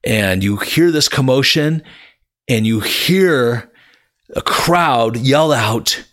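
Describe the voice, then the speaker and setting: A man's voice: mid-range voice, expressive, slow, a bit bright. A man teaching a Bible lesson in a conversational, storytelling way, often repeating words and calling his listeners "you guys". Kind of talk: sermon-style Bible teaching.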